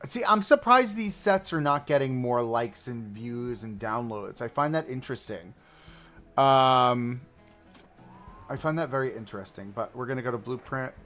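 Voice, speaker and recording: A man live-streaming a park-building game, chatting and thinking aloud as he browses and places items, swinging between excited outbursts and low mutters. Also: normal speed, faint music behind. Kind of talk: casual live-stream commentary while building.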